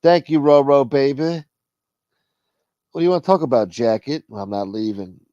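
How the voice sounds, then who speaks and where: A man hosting a live stream, his voice sitting at an ordinary middle pitch. He talks casually and rambles loosely, swearing freely as he tells a story. The sound is dry and close, with almost no room around it. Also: normal speed, dark tone, no room sound, highs cut off.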